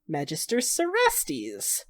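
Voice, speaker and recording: A woman's voice: deep voice, huge pitch swings, takes it slowly, crowd noise, pitched below the performer's own voice, heavily acted. Woman doing a tense, guarded male mage for a tabletop game.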